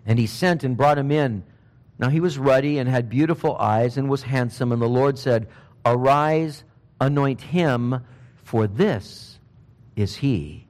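A man preaching a sermon, telling Bible stories in a lively, conversational way and briefly voicing the people in them. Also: mid-range voice, a little slow, in a large hall. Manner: animated storytelling, acting out Bible figures in casual speech.

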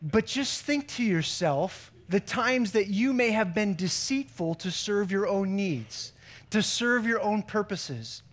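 A man with a high voice preaching a sermon. He talks conversationally, slipping in jokes and stories between his points. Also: expressive, slow pace, a bit bright. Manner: conversational preaching with joke-telling asides. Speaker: pastor.

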